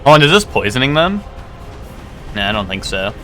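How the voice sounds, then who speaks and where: A man giving casual live gameplay commentary, rambling with lots of fillers and the odd swear. His voice is bright and tense, with a lively, bouncing pitch. Faint game music plays underneath. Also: fairly quick. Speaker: streamer.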